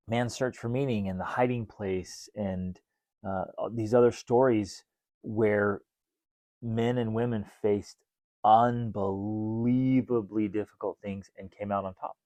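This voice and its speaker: Podcast host guy, dark mellow voice, lively, acts out quotes, dry sound. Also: on the low side, a little slow, dry recording. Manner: animated, acts out his own self-talk in quoted voices. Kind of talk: casual podcast talk.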